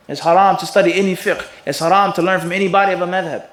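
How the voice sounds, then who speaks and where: A man with a fairly high voice gives an Islamic lecture, pausing to ask his listeners rhetorical questions. He slips into sarcastic mimicry of the people he criticizes. The room around him rings with echo. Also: fairly even intonation, a bit bright. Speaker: mufti teaching hadith. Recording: echoey room.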